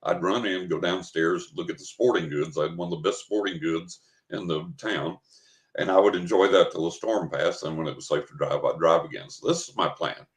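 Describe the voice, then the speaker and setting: A man's voice: deep voice, fairly quick. An older man from West Texas, a guest in an interview, telling a story vividly and dramatically. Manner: vivid, dramatic storyteller who acts out his own thoughts. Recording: roomy, echoey recording.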